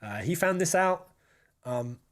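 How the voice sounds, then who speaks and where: A man's voice: a little high, animated, measured pace. A young man hosting a live stream, ranting in casual chat and swearing freely. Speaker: stream host.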